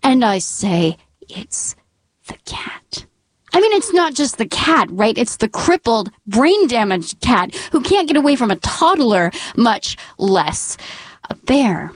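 A woman's voice: a little high, sing-song, unhurried, no room sound. Woman telling a tense story, dry sound. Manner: dramatic, drops into hushed whispers for suspense. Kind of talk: personal story told to an audience.

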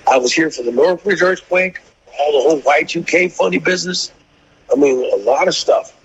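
A man's voice: on the high side, fairly quick, slight background noise. An older man, a longtime firefighter, recounting events in an interview with vivid, emphatic storytelling. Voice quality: gravelly, husky. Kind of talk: interview recollection. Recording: dull lo-fi sound.

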